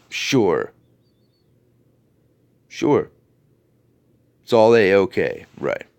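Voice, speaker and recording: A man hosting a video, ranting to his viewers in an angry, profane and sarcastic way. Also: medium pitch. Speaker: video host.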